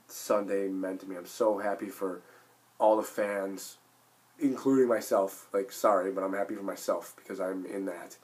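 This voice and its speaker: A man in his late twenties with a hoarse voice from illness, talking in a rambling, emphatic sports vlog full of restarts. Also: on the low side. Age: late 20s. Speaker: sports vlogger. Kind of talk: casual sports vlog monologue.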